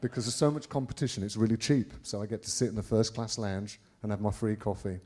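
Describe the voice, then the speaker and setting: Rambling preacher telling a story. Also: male voice, fairly low pitch, fast. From England. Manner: rambling, with many restarts and swings in loudness. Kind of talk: anecdotal preaching to a congregation.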